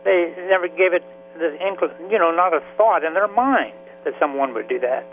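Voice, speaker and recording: A man in his seventies, a veteran and author, telling his story in a halting, emotional way with many restarts. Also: fairly high pitch. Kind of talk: radio interview by phone. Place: Florida. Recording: tinny phone line with faint hiss.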